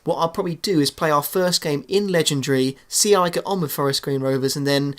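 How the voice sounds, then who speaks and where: This is a young English man narrating his football game for YouTube in a slightly high, somewhat bright voice. He talks quickly yet hesitantly, restarting often and filling gaps with fillers.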